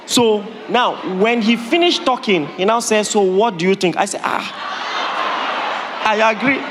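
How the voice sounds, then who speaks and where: A man, preaching a sermon as pastor in a humorous, animated way, laughing often. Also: high voice, moderate pace, a crowd in the background, noisy background. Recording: long reverb of a hall, faint ambience.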